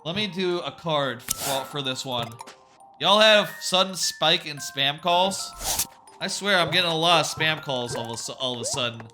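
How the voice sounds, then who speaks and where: Rambling, cursing streamer man, slightly high. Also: animated, normal speed. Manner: rambling, swears casually, repeats words when restarting. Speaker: game streamer. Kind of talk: casual chat while playing a video game. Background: game music.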